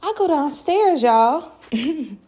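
A young adult woman hosting a podcast, telling a story in a casual, animated way, laughing often and swearing freely with slangy asides. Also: high voice, slow pace. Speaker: podcast host.

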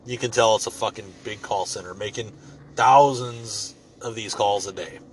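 A man's voice: lowish voice, normal speed, a little hiss or hum. Profane man rambling through a story. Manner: profane, rambling, loose and joking. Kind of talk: casual storytelling monologue.

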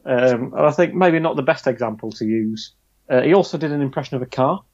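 A man's voice: mid-range voice, fairly quick, a little mellow. A man co-hosting a casual news chat, wry and chatty. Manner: chatty, wry, drifts into mock quotes. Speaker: podcast co-host. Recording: dull lo-fi sound.

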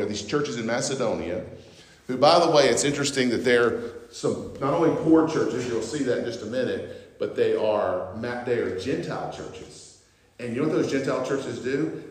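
A pastor preaching a sermon, moving from quiet reflection to loud, fervent emphasis with many repetitions. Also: male voice, mid-range voice. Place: church sanctuary. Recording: roomy church hall reverb.

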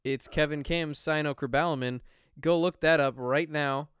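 Smooth-voiced young podcast host, dry sound. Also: male voice, on the high side, fairly even intonation, moderate pace, fairly bright tone, no room sound. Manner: dry, joking interjections. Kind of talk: casual chat.

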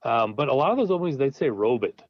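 A man's voice: mid-range voice, racing, dry recording. Guy chatting about his movies, laughs a lot, kinda lo-fi dry recording. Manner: animated, laughing, stumbles over words. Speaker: filmmaker guest. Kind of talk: casual interview talk. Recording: dull dry lo-fi sound.

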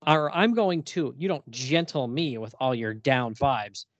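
A man's voice: medium pitch, animated, measured pace, dry recording, lo-fi sound, close to an everyday voice. A man reading the lines of a stubborn young woman from a comic book, defiant and snippy. The sound is dry and close.

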